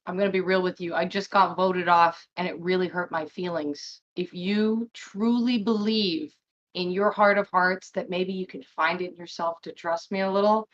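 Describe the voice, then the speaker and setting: A woman's voice: on the low side, steady tone, moderate pace. A woman contestant making a mock-earnest plea in a game show. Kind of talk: casual game-show banter. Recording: dull lo-fi voice-chat audio.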